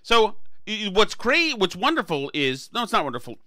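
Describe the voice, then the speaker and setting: A man's voice: high voice, very animated, brisk, sharp tone, no room sound. A man hosting a political podcast, talking emphatically and sarcastically, often restarting his phrases. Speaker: podcast host. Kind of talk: political commentary chat.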